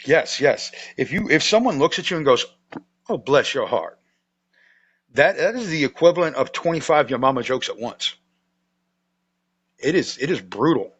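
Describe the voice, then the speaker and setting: A man's voice: on the high side, animated, normal speed, a bit bright, husky. A man with a Southern US accent hosting a podcast, chatting in a folksy, joking way with frequent restarts. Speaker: podcast host, storyteller. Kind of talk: casual chat. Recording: slightly dull lo-fi audio.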